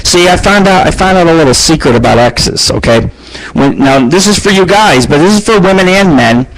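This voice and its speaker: A man's voice: animated, fairly quick, a little hiss or hum, poor audio. A middle-aged man hosting a radio show, ranting crudely and boastfully in a rambling monologue. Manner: profane, boastful, rambling, shifts pitch for jokes. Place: abandoned house.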